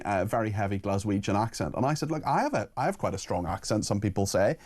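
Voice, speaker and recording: A man hosting a radio phone-in, talking quickly with frequent restarts. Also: fairly low pitch, animated, a little mellow. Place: radio studio.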